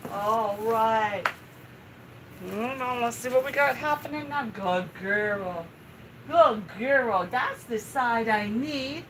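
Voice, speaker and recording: Woman on a home live stream sweet-talking her dog, slow and soothing, kinda noisy in the back. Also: on the high side. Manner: coaxing, soothing baby talk to a dog. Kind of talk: casual live-stream chat while grooming a dog. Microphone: home live-stream setup.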